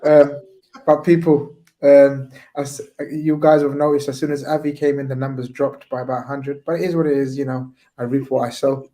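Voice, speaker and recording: A man's voice: mid-range voice, little pitch movement, moderate pace, dark tone. A man hosting a football call-in stream, tired and winding down after hours on air. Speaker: host. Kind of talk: casual football call-in chat.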